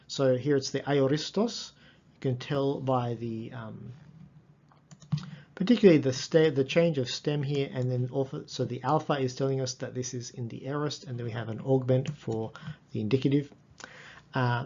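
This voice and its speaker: A man lecturing on a text, reading passages slowly and carefully and explaining them as he goes. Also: medium pitch, warm tone, muffled recording. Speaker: Greek lecturer.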